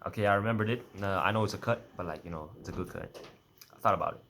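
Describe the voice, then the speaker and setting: A young man with a deep, low-pitched voice talks straight to the camera in a loose, rambling monologue. He keeps restarting and correcting himself, half-joking as he goes. A faint hum of ambience sits behind him. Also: racing, creaky, a bit bright. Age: young adult. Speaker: vlogger.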